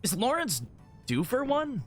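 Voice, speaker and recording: A man chatting casually on a live game stream, rambling and giggly, easily excited and full of filler words. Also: very high voice, a little slow, soft background music. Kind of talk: casual live-stream chat while gaming.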